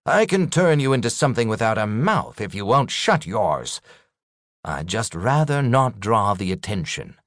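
A man's voice: on the low side, very animated, normal speed, fairly bright tone, dry recording, clean studio sound. An audiobook narrator playing a stern male wizard who gives curt, commanding threats.

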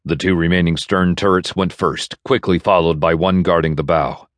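A man narrating an audiobook in a measured, even storytelling manner, recorded in a studio. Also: low voice, no room sound. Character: bitter man navigator. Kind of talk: scripted narration. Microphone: studio microphone.

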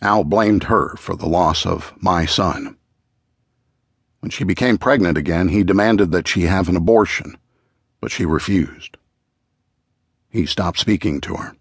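A man narrating a true-crime audiobook in a measured, even storytelling manner, close to a studio mic. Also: sits low, creaky, slightly rough, no echo.

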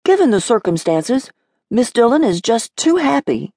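A woman's voice: on the high side, sing-song, moderate pace, a little mellow, dry recording, clean studio sound, voice pushed up. A woman reading an audiobook, voicing a cocky, sardonic twelve-year-old boy with a theatrical, sneering manner.

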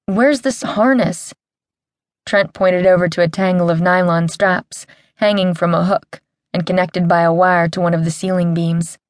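A woman's voice: fairly low pitch, normal speed, dry recording, studio quality. A woman narrating a first-person audiobook in a wry, comic storytelling manner. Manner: wry, comic storytelling with lively character voices.

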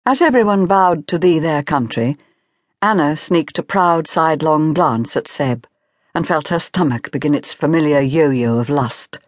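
A woman narrating a comic audiobook in a wry, measured storytelling manner on a close studio mic. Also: low voice, dry recording.

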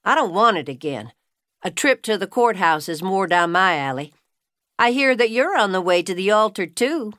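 A woman narrator voicing a playful, gossipy woman who talks up a bit louder and higher than the narration. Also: big pitch swings, moderate pace, no echo, studio quality. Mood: teasing. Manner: playful, teasing, louder and livelier. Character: teasing Southern woman customer, gossipy and warm.

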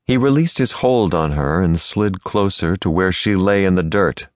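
A man narrating a Western romance audiobook with lively, expressive storytelling. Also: sits low, moderate pace, no room sound, studio quality. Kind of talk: scripted narration.

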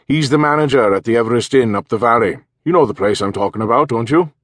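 A man's voice: mid-range voice, fast talker, a bit bright, no echo, studio quality, voice pushed up, lightly acted. A man voicing a chatty, familiar villager.

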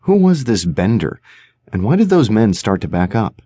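A man narrating a suspense audiobook in a measured, tense manner. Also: lowish voice, big pitch swings, mellow, husky, no echo. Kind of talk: scripted narration. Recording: dry studio recording.

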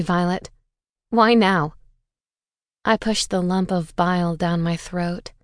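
A woman's voice: on the low side, a little mellow, no room sound, studio quality. A woman reading a first-person audiobook with an intense, bitter, dramatic delivery. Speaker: audiobook narrator.

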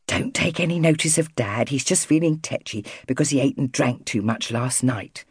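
A woman's voice: a bass voice, normal speed, breathy edge, no room sound, studio quality, voice pushed down, exaggerated voice. A woman voicing a mother of five who is firm but soothing. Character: brisk, caring mother of five.

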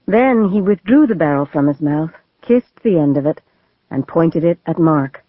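A woman narrating a thriller audiobook in a measured, steady storytelling manner, on a tinny, phone-like recording. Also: low-pitched, dry recording. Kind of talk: scripted narration of a legal thriller.

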